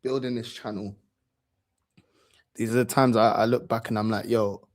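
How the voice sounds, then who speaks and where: A man tells a story in relaxed chat, using plenty of slang. His voice sits in a middle pitch, and he keeps circling back to repeat his points. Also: normal speed. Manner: slangy, repeats phrases for emphasis. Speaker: football channel host.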